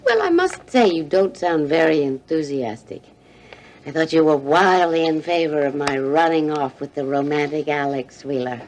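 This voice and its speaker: A woman's voice: deep voice, expressive, moderate pace, slight background noise. An actress playing an earnest, determined young woman who is leaving her marriage to chase love, in 1980s TV soap acting.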